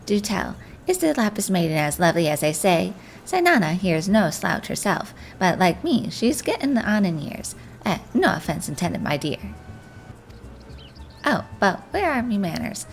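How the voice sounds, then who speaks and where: A woman's voice: mid-range voice, very animated, moderate pace, faint music behind. A woman reading as a chatty, folksy old merchant. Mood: jovial. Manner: folksy, rambling, drops 'me' for 'my'. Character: chatty older male merchant, jovial and boastful.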